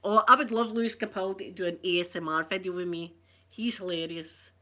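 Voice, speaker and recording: A middle-aged woman with a broad Scottish accent chats through a casual live stream. Her voice is bright and forward. She reads out viewer comments, answers them with warm banter and laughs often. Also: fairly low pitch, steady tone, brisk. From Scotland. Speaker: ASMR channel host.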